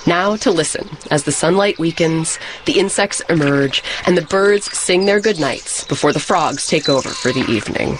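A woman presenting a scripted nature radio segment in a calm, gentle way. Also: sits low, normal speed, hardly any pauses, noisy background.

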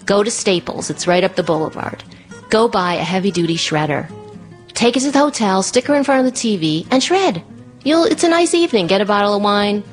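A woman voicing her calm, practical adult sister, who gives advice briskly and soothingly. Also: medium pitch, soft background music, lightly acted.

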